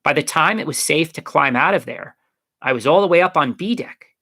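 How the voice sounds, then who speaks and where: A man's voice: a little high, lively intonation, fairly quick, sharp tone, pitched above the performer's own voice, full character voice. A man voicing a cocky, street-smart young male stowaway. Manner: cocky, brash.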